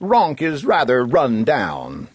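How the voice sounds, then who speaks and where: A man's voice: mid-range voice, huge pitch swings, takes it slowly, noisy background. A man reading a rhyming children's book aloud in a playful, sing-song storytelling manner. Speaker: storybook reader.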